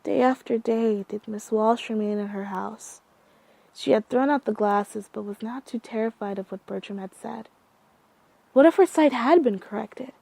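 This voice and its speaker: A woman reading a horror story aloud in a slow, measured way. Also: on the high side, vocal fry, dark tone, no room sound. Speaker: narrator.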